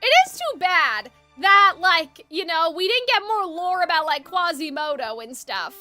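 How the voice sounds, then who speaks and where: Very high, bright excitable woman streamer. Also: unhurried, soft background music. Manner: excitable, laughing reactions. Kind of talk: game stream commentary.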